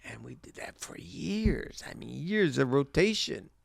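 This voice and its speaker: A man's voice: on the high side, unhurried, vocal fry, no room sound, studio quality. A middle-aged man, a boxing coach, telling stories in a casual interview with lots of fillers. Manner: animated storyteller with many fillers.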